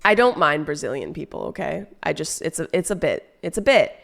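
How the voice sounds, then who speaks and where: A woman's voice: deep voice, big pitch swings, brisk, gravelly, hardly any pauses. Chatty, swearing woman streamer. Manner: swearing, chatty, rambling with fillers. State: drunk and stoned. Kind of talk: casual chat with viewers.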